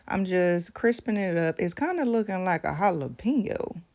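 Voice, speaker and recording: A woman's voice: lowish voice, animated, moderate pace, a little mellow. A woman, chatting playfully to viewers while doing her nails, pregnant and at ease. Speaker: nail tutorial vlogger. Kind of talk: casual tutorial chat.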